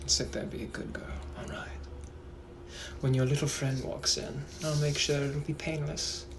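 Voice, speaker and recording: A man voicing a suave, menacing 1800s British gentleman with a British accent, in whispered role-play, purring and teasing. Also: mid-range voice, steady tone, moderate pace, gravelly, background noise, natural voice.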